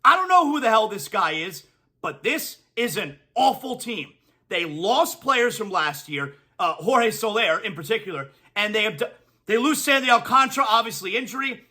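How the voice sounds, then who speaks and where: A man's voice: high voice, sing-song, moderate pace, pushed and bright. A man hosting a sports talk show, ranting emphatically and repeating his punchlines for effect. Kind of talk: opinionated sports talk monologue.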